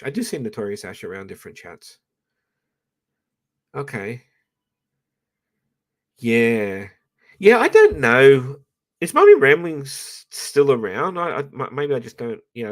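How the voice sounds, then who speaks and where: Rambling man on a livestream. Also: medium pitch. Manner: rambling, profane, chatty with many restarts. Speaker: livestream host. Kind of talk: rambling live-stream chat. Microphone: professional microphone.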